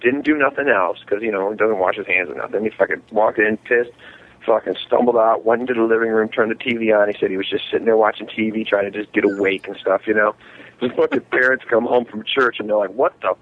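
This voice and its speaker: A man's voice: on the low side, fast. A man telling long, profane party stories in a casual chat among friends, acting out the other people's lines. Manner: profane, rambling anecdotes with animated quoted voices. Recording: muffled lo-fi recording with faint hiss.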